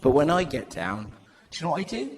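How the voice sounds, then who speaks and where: A man voicing his sweet, dotty and loving older mother with a soft, swooping delivery, on a live stand-up recording. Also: fairly high pitch, sing-song, quick pace, background noise, pitched below the performer's own voice. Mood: tender. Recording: echoey live venue with loud crowd.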